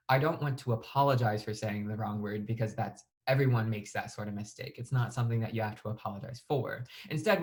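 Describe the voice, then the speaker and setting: Young man explaining speech delivery. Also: mid-range voice. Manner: plain, even delivery with occasional fillers and restarts. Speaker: debate instructor. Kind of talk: explanatory lesson.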